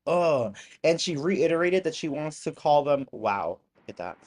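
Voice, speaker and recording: Live-stream host, casual reaction commentary, mid-pitched voice, excitable with sudden loud outbursts, chatty asides to the chat. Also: moderate pace. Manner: excitable, bursts into loud exclamations; chatty, apologetic asides to viewers.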